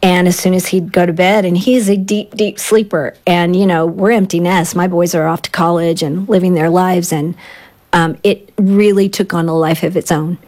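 A woman's voice: fairly low pitch, steady tone, moderate pace, a little mellow. A woman in her forties, a guest on a radio show, speaking earnestly and confessionally about her past. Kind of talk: candid personal testimony.

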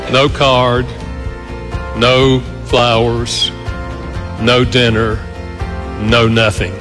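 A man talks slowly and conversationally, walking the listener through an everyday example in a short radio advice segment. His voice sits at an ordinary pitch. A clear music bed plays beneath him.

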